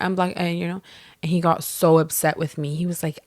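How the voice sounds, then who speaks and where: Young woman podcast cohost, kinda low voice, dry sound, animated storyteller who swears a lot. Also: a little fast, dry recording. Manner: animated storytelling, acts out quotes, swears freely. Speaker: podcast co-host. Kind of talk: casual chat.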